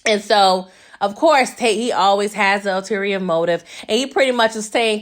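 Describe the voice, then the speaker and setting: A woman's voice: medium pitch, moderate pace. A woman hosting a casual TV episode recap, chatty and slangy, tossing sassy asides to her viewers.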